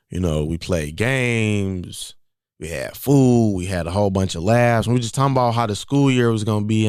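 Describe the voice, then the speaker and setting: This podcast host, a young man in his 20s, has a fairly low, slightly mellow and smooth voice as he casually recounts a personal story, repeating key phrases as he goes. The recording is close and dry, with no echo.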